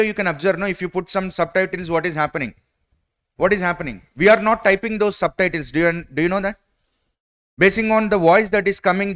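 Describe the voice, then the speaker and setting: A man's voice: high voice, fairly bright tone, clean tone. A man with an Indian English accent giving an exam-prep lecture, often asking rhetorical questions and repeating his points.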